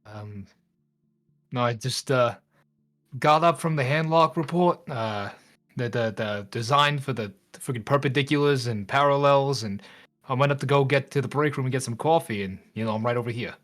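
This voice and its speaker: A man's voice: mid-range voice, moderate pace, fairly bright tone. Hesitant man playing a tabletop game. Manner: hesitant, many fillers and stammers. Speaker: player.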